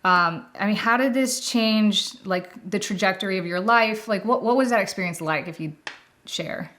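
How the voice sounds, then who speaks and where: A woman's voice: medium pitch, normal speed, fairly bright tone. A woman hosting an interview, introducing her guest and asking questions in a casual, enthusiastic way. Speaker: podcast host.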